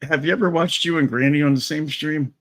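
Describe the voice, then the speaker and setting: A man's voice: fairly high pitch, steady tone, a little fast, fairly bright tone. A man co-hosting a podcast, throwing in dry quips and teasing one-liners. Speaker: podcast co-host. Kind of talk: casual podcast banter.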